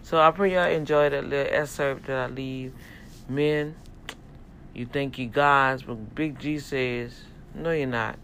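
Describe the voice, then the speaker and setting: Gravelly, preachy man ranting to viewers. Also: mid-range voice, steady tone, measured pace, a bit bright, a little hiss or hum. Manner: emphatic, sermon-like exhortation; talks directly to viewers, folksy. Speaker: vlogger and self-publisher. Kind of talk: casual preachy rant to camera.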